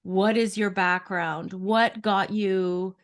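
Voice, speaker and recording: A woman hosting a podcast, reading her guests' introduction and then asking questions in a measured, deliberate way. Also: mid-range voice, fairly even intonation. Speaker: podcast host.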